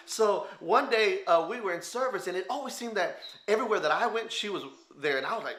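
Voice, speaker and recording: A man with a Texan accent tells an animated story, his voice high and bright. He acts out quotes and laughs along the way. The sound rings a little in a roomy studio. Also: quick pace, hardly any pauses. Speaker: guest telling his story. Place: television studio.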